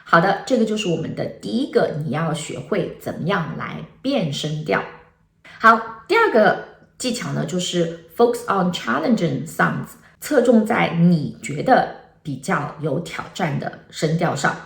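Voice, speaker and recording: A woman teaches an online language lesson. Her low voice has a gravelly edge. She walks through each point patiently in an echoey room. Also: very animated, unhurried. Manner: switches between English and Mandarin, explaining tones step by step. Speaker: Mandarin teacher.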